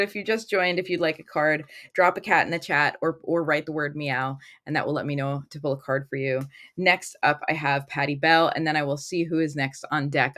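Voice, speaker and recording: A woman's voice: low voice, fairly bright tone. A woman hosting a casual tarot livestream from a room at home, talking into her phone, chatty and upbeat as she reads viewer comments aloud.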